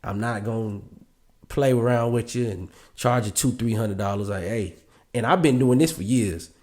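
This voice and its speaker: A man hosting a podcast, reacting to a clip and giving dating advice in a lively, mocking way, often laughing. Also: medium pitch, normal speed. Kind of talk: reaction commentary.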